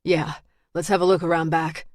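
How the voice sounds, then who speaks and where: A woman's voice: low-pitched, flat delivery, moderate pace, dry recording, clean studio sound, close to an everyday voice. Woman reading a terse male detective.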